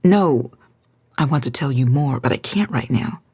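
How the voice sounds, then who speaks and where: A woman's voice: a bass voice, lively intonation, normal speed, dark tone, husky, dry recording, studio quality, full character voice. A woman voicing a sheepish young man who speaks earnestly and apologetically, in a story reading. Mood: apologetic.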